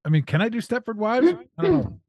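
A man's voice: extremely high pitch, fast talker, creaky, no echo, clean studio sound. A man hosting a podcast in casual chat, telling stories and acting out voices for laughs. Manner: animated, acts out voices and jokes. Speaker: podcast host.

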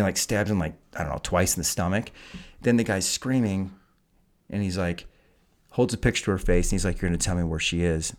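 A man on a podcast, recapping a film with heavy swearing and open disbelief. His voice sits very low. He keeps the talk loose and conversational, leaning into exasperated asides. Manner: profane, incredulous ranting. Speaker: podcast host. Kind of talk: casual film review chat.

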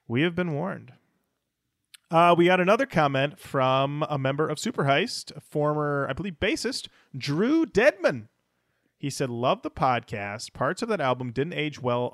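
A man's voice: mid-range voice, a bit bright, dry recording, clean studio sound. A man co-hosting a music podcast, reading listener comments aloud in a wry, casual way. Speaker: podcast co-host.

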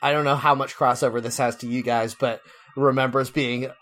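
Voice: medium pitch, fairly even intonation, a little fast, a bit bright. Dry, wry podcast co-host. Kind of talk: casual chat.

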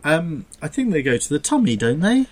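A man's voice: fairly high pitch, big pitch swings, fairly quick, over a noisy crowd. A man co-hosting a casual podcast chat. He tells stories in a rambling, self-interrupting way, trailing off and restarting mid-sentence, with a laugh slipping in now and then. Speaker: podcast co-host. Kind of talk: casual chat, joke telling.

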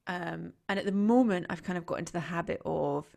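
Middle-aged female co-host, low gravelly voice, loose conversational delivery with restarts. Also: fairly quick, a little mellow. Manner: chatty, trailing off, restarts a lot. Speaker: podcast co-host. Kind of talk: casual chat.

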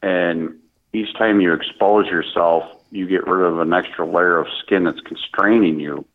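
A man with a very deep voice speaks earnestly and haltingly, often restarting his phrases. He is heard over a thin, tinny phone line. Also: steady tone. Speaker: guest, speaker at military events. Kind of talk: conversational interview.

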